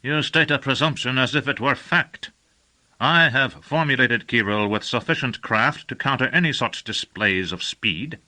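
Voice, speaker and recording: A husky, proud sorcerer full of wrath, as a male narrator puts him on, cruel and menacing. His raised voice comes out bright and tense in an audiobook reading. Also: medium pitch, normal speed, pitched above the performer's own voice, poor audio. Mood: indignant. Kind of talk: audiobook character voice.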